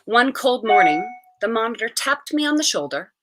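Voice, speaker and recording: Animated woman reading a story aloud. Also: on the high side, moderate pace, noisy background. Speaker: reader.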